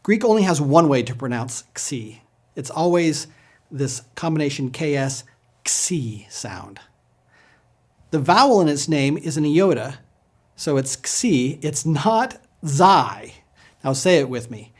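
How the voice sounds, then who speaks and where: A man's voice: on the high side, very animated, unhurried, a little mellow. A man leading a patient pronunciation lesson, drilling sounds for the listener to repeat. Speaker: language teacher.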